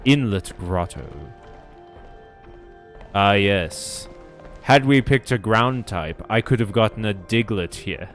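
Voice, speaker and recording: A man's voice: fairly low pitch, slow, pauses often, faint music behind. A man giving joking commentary over a video game playthrough, full of sarcastic asides. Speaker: let's play host.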